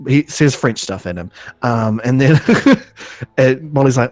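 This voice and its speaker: A man recapping an episode on a casual podcast, halting, full of ums and restarts, laughing often. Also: mid-range voice, expressive, a little mellow, no room sound. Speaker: podcast host.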